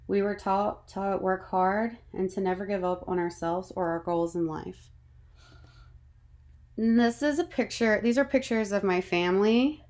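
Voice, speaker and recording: A woman in her thirties from North Carolina, narrating a slide presentation as a student presenter in a measured, read-from-script way. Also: on the low side, darkish tone. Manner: measured, reading a prepared script.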